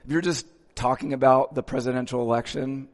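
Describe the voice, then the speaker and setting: Male pastor, relaxed sermon style, average pitch, long reverb of a big sanctuary. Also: a little fast. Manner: casual, checks in with listeners. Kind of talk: conversational sermon.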